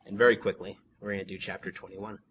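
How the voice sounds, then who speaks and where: Male Bible teacher, bright tone, stammering commentary, faint background noise. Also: fairly low pitch, level tone, fast. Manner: reads plainly, self-corrects, stammers with fillers.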